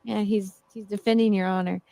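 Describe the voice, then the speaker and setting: A woman's voice: medium pitch, little pitch movement, brisk, gravelly, mellow. A woman chatting playfully in casual group banter.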